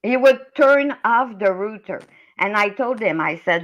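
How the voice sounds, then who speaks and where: A woman's voice: medium pitch, animated, moderate pace, muffled recording. A middle-aged woman with a French Canadian accent, ranting angrily on a live stream, swearing and tagging "okay?" onto her sentences. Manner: heated, swearing, repeats "okay?". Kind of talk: angry rant in a live chat.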